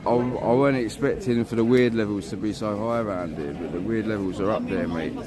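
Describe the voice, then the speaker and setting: A man's voice: lowish voice, brisk. A man vlogging casually in a town street, blunt, sweary and rambling, filmed on a handheld phone. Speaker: vlogger filming a protest. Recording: noisy crowd outdoors.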